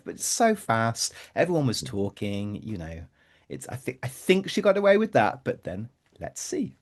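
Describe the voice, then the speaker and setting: A male podcast co-host talks in an easy, conversational way, full of playful asides and laughter. His pitch swings widely, so he sounds animated and expressive. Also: moderate pace. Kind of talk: casual podcast chat.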